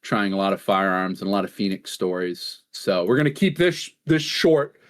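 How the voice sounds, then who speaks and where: A man's voice: low voice, animated, moderate pace. A man co-hosting a gaming podcast in casual chat, rambling through stories, laughing often and swearing offhandedly. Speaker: podcast co-host.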